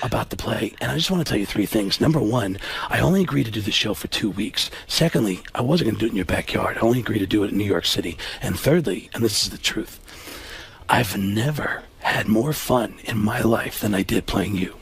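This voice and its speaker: A man voicing an earnest middle-aged male actor who speaks low and hushed. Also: expressive, brisk, gravelly.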